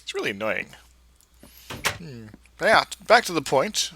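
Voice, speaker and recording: A man's voice: on the high side, sing-song, unhurried, bright, forceful tone, a little hiss or hum. A man giving casual, rambling commentary over his own gameplay, full of fillers and restarts. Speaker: Let's Play creator.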